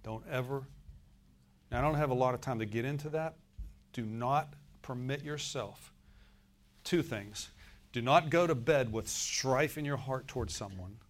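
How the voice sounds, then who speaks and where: At a measured pace and medium pitch, a man preaches a sermon in a folksy style, speaking directly to those gathered. Loud, emphatic bursts give way to quiet murmured asides and back again.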